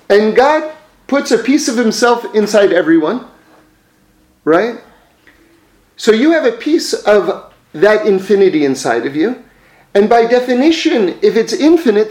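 A man's voice: high-pitched, very animated, unhurried, darkish tone, echoey room. A man telling religious teaching stories in a conversational way, with frequent fillers and self-corrections. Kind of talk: storytelling religious lesson.

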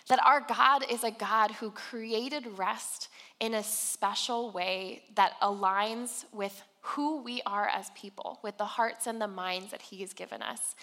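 Bright-voiced woman preaching in a hall. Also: fairly high pitch. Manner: chatty, storytelling, fillers like "um" and "like". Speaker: speaker giving a sermon. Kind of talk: conversational sermon. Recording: long reverb of a large hall.

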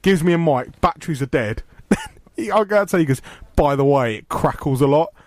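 A man's voice: a little high, animated, a little fast, a little mellow, no echo. A man co-hosting a sports radio show, telling stories and mimicking the people in them. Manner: storyteller, mimics voices, chatty. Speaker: co-host, stadium announcer. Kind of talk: casual radio banter. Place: radio studio.

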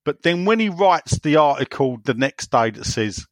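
A man's voice: mid-range voice, expressive, moderate pace, hardly any pauses, no room sound, clean studio sound. A man co-hosting a casual football podcast, reading out listener messages with teasing, jokey banter and frequent laughter.

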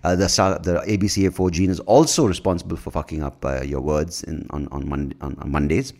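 A man's voice: extremely low pitch, fairly even intonation, a little fast, a little mellow. A man hosting his own podcast in a casual, rambling monologue, self-mocking, swearing freely and tripping over his words. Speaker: podcast host.

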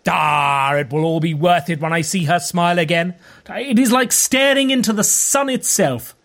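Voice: mid-range voice, moderate pace, creaky, fairly bright tone. An actor playing a boastful, lovestruck male knight in a comedy audio drama, speaking in grand, flowery, old-fashioned language. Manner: grandiose archaic speech, flowery and theatrical.

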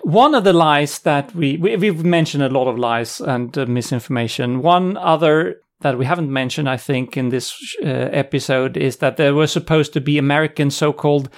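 Wry, higher-voiced male podcast co-host. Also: normal speed, few pauses. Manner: conversational, wry, reads out sources and quotes. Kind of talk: casual podcast discussion.

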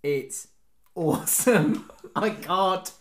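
A man's voice: high voice, extremely slow, fairly bright tone. A man co-hosting a podcast, bantering and reading out listener messages with frequent laughter. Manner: jokey, laughs often, reads messages aloud. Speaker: podcast co-host.

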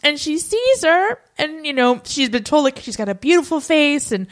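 A woman casually recapping a TV episode, telling the story in a lively way, acting out lines in playful voices, laughing and swearing now and then. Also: high voice, normal speed. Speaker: podcast co-host recapping a TV episode. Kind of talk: casual chat.

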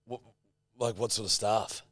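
A man's voice: fairly low pitch, steady tone, measured pace, a bit bright, dry recording. A man co-hosting a podcast, teasing his co-host with dry, sarcastic, swearing banter. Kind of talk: casual banter.

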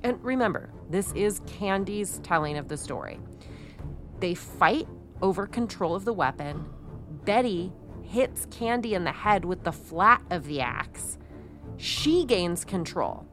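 A woman's voice: fairly low pitch, expressive, measured pace, fairly bright tone, faint music behind. A woman co-hosting a podcast, telling a true-crime story in a chatty, casual way with many fillers. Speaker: podcast co-host.

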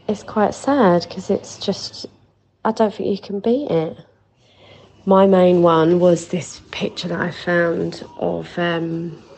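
A woman's voice: on the low side, vocal fry, mellow, slight background noise, low-quality recording. A woman leaving a chatty, nostalgic voice message for a podcast, swearing freely. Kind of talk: casual voice note.

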